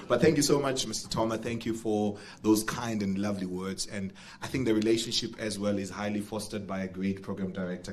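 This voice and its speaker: Man, emcee, low voice, playful, chatty, reads speaker bios. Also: fairly even intonation, brisk, few pauses, slight background noise. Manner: playful, jokey, chatty with the audience. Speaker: master of ceremonies. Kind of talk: live event hosting. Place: event venue stage.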